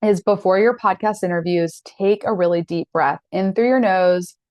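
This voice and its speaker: A woman's voice: mid-range voice, moderate pace, no echo, dull audio. A woman in her thirties teaching an online masterclass in an earnest, direct, encouraging way. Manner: earnest, direct, encouraging, with animated quoted asides.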